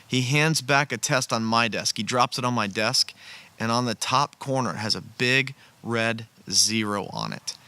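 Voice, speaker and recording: A man's voice: mid-range voice, normal speed, sharp tone. Earnest man telling a story outdoors. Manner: earnest, conversational, with frequent restarts. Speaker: storyteller sharing a personal testimony. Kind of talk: casual spoken storytelling. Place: outdoors beside a campfire.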